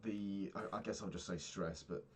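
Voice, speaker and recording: A man's voice: low voice, fairly even intonation, moderate pace, slight background noise. A young man in his twenties talking frankly in a rambling daily vlog, swearing casually and filling gaps with ums. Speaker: vlogger.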